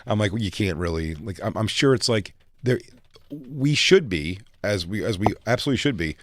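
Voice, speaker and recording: A man co-hosting a podcast, teasing his co-host with crude, quick jokes in casual comedic chat. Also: lowish voice, lively intonation, no room sound.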